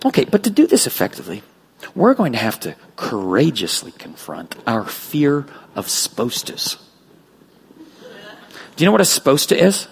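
Middle-aged male pastor, sermon, gravelly husky voice, lively swooping delivery. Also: medium pitch, moderate pace. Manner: animated preaching with acted voices of children.

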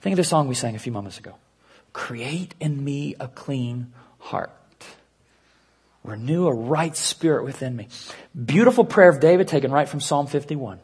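A man preaching an earnest sermon, dropping to a hush and slowing down to stress key points. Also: medium pitch, lively intonation, breathy edge. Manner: earnest preaching with hushed, slowed emphasis. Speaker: pastor.

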